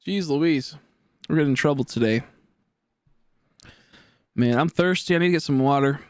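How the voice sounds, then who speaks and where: A man's voice: a little high, moderate pace, no room sound. A man in his twenties chatting casually on a game live stream, rambling and joking as he answers chat aloud. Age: 20s.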